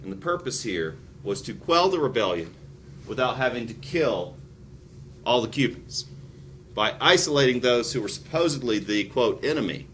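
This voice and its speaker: History teacher guy, super lively pitch, sarcastic jokes. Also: normal speed, a little hiss or hum. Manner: animated, sarcastic asides. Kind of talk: recorded history lecture.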